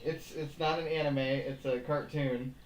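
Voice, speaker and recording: A man's voice: mid-range voice, fairly even intonation. Joking cohost guy, casual chat, jumps in a lot, echoey room, sitting back from the mic. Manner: joking, quick to laugh and interject. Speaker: podcast co-host. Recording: roomy, mic at a distance, faint hiss.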